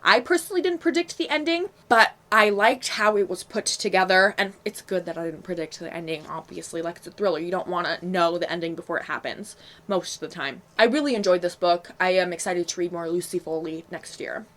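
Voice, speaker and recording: A woman's voice: fairly low pitch, a little fast, fairly bright tone. A young woman casually reviewing books she read, chatty and frank with lots of fillers and asides. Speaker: book vlogger. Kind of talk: casual book review vlog.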